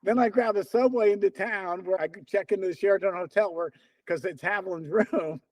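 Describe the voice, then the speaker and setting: An older man with a high, lively voice spins anecdotes as an interview guest, slipping into the voices of the people he quotes. The sound is close and dry. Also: a little fast, no room sound. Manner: animated storyteller, acts out quoted dialogue. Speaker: interview guest, runner and coach. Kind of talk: casual storytelling.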